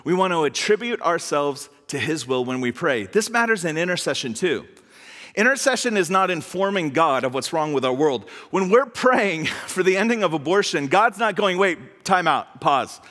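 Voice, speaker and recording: Male pastor, high lively voice, chatty joking sermon, long hall reverb. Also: moderate pace. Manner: conversational, animated, voices God humorously. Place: church hall.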